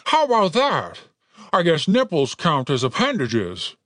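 A smug male forest troll with a high, swooping voice, put on by a man reading an audiobook. He lectures slowly and mockingly, like a know-it-all. The recording is close and dry. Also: huge pitch swings, fairly bright tone, dry recording, full character voice. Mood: taunting. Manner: pedantic, slow and mocking. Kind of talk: audiobook character voice.

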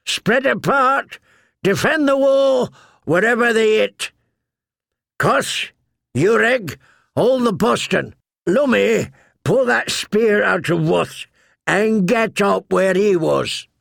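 A man voicing a gruff older male recruiter who speaks tersely in clipped, drawling phrases. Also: high-pitched, lively intonation, slow pace, fairly bright tone, dry recording, clean studio sound, voice pushed up, full character voice. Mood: commanding.

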